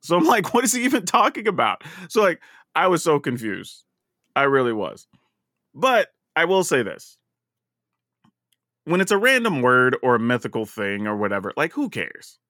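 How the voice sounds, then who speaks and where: A man's voice: mid-range voice, big pitch swings, moderate pace, long pauses, bright, forceful tone, no echo, studio quality. A man from the American South with a Southern US accent, co-hosting a podcast in a chatty, storytelling way and laughing often. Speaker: podcast co-host. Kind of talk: casual podcast chat.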